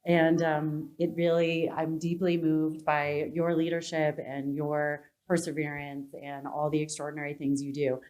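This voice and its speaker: A woman's voice: low voice, level tone, unhurried, few pauses, a little mellow. A woman hosting a live event, giving emotional, gushing thanks in her closing remarks. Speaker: event host. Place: conference hall with an audience.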